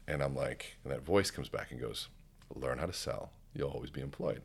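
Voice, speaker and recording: This podcast guest and keynote speaker has a very deep, slightly rough voice with vocal fry, speaking at normal speed. He narrates a story in easy conversation, animatedly voicing the people in it.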